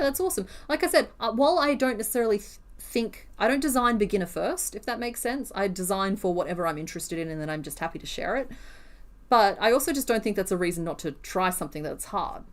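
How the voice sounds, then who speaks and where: Chatty woman streaming crochet. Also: medium pitch. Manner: chatty, self-deprecating, answers chat questions. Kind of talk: casual live-stream chat while crocheting.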